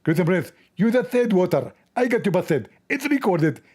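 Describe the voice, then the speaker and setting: A man's voice: sits high, big pitch swings, moderate pace, darkish tone. A man putting on a pompous lecturing preacher. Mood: mock lecturing. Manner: mock-solemn, repeats himself. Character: pompous male preacher, middle-aged, lecturing. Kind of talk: parody impression.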